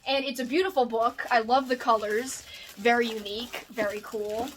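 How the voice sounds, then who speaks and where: Bubbly, excitable woman vlogging at home. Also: fairly high pitch, moderate pace, slight background noise. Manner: bubbly and excitable, chatting to her dog between books. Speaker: book vlogger. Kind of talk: casual unboxing chat to camera.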